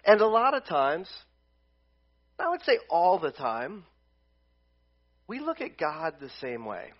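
Chatty high-voiced male pastor. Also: slow pace, muffled recording. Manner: conversational, animated, many restarts. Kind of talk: sermon. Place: church service.

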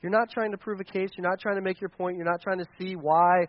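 High-voiced man preaching a sermon. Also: fast talker, highs cut off. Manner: animated preaching with audience questions. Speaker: pastor.

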